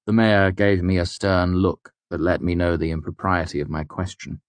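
Deep-voiced man narrating a story. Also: level tone, normal speed, hardly any pauses, dry recording. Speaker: audiobook narrator. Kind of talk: scripted first-person narration.

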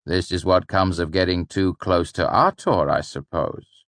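A wry, easygoing troupe father, put on by a male audiobook narrator. He speaks in a gently teasing way, set a little above the narrator's deep voice, in a dry recording. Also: steady tone, a little slow, dry recording.

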